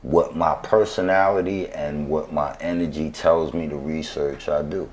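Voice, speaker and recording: A man's voice: a bass voice, steady tone, normal speed, darkish tone, slight background noise. A man tells his story as a guest in a casual interview. He talks in laid-back street slang and keeps checking in with "right?". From New York.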